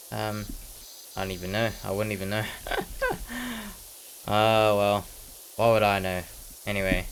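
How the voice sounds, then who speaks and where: A teenage man with a fairly low voice talks through a game in easygoing chat. He rambles from thought to thought and pokes fun at his own jokes, and now and then slips into a put-on British slang voice. A faint hiss sits under his voice. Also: vocal fry, rough recording. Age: teens. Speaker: gaming commentator. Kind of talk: casual chat while playing a game.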